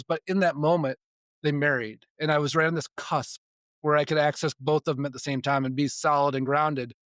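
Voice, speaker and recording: A man in his forties with a slightly high voice, telling stories from his life as a podcast guest. He speaks casually, often restarts and repeats words, and chuckles now and then. The recording is close and dry. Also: fairly bright tone, no room sound. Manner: chuckles between sentences. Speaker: podcast guest, spiritual development coach. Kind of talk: casual storytelling in conversation.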